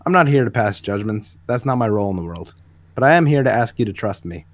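A man co-hosting a comic book podcast, reading a hero's speech aloud in an earnest, measured way, a little back from the mic. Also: lowish voice, lively intonation. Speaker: podcast co-host.

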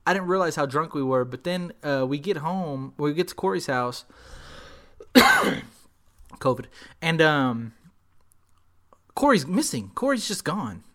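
A young adult man from Texas, hosting a casual podcast chat and telling a story in an animated way, full of slang. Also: fairly high pitch, measured pace, pauses often. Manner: animated storyteller, heavy slang, acts out quotes.

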